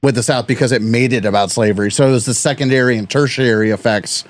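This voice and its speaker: A man's voice: medium pitch, steady tone, quick pace, dry recording. A young man co-hosting a history podcast, chatting casually, swearing freely and reading from notes in stretches. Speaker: podcast co-host.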